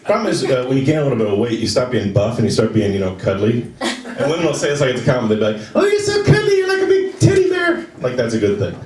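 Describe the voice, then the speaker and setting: A man performing a stand-up comedy set on a club stage, talking to the audience and jumping into high voices for the people he quotes. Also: animated, rapid-fire, a little mellow. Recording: roomy live club sound from a distance. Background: audience laughing.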